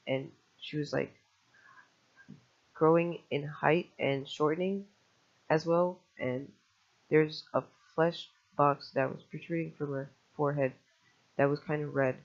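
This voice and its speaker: A man with a somewhat high, gravelly voice rambles through a personal testimony, jumping between thoughts and swearing casually. The recording is dull and lo-fi. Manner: fast, scattered retelling with restarts and casual swearing.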